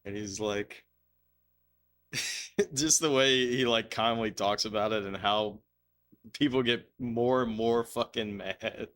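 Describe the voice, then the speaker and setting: Taking his time and pausing often, this streamer talks casually over gameplay in a fairly low, slightly bright voice. He rambles through stories, laughs, swears, and drops into goofy fake voices.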